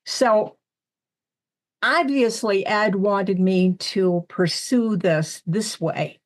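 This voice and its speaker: An older woman who works as a spiritual medium speaks at a medium pitch, drawing out her words. As a guest in a casual interview, she tells stories in a chatty, animated way, acting out what people said.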